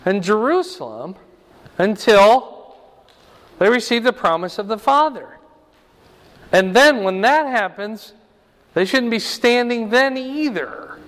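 A man teaching a Bible lesson verse by verse, explaining slowly and checking in with "right?" and "okay?". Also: sits high, expressive, fairly bright tone, long reverb tail.

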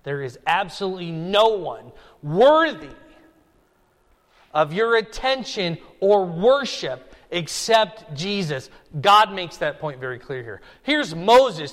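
This man's voice sits high and fairly bright, moving slowly with big swings in pitch as he explains scripture in an expository teaching sermon. His manner is conversational and emphatic, with casual asides and punchy stresses where his voice rises, all set against long reverb.

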